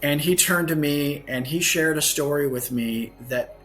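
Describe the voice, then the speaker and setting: A man's voice: fairly high pitch, measured pace, fairly bright tone, soft background music. A man, a guest author on a podcast, telling a story earnestly and often correcting himself mid-sentence. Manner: earnest anecdote telling with frequent self-corrections.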